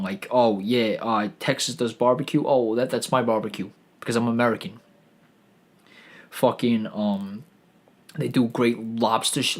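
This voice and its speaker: A man holds forth alone on his podcast, talking in loose, profane tangents. He stumbles over his words and restarts his sentences again and again as he goes. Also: medium pitch. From New York. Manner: rambling, profane, lots of restarts and stammering. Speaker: podcast host. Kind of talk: rambling profane monologue.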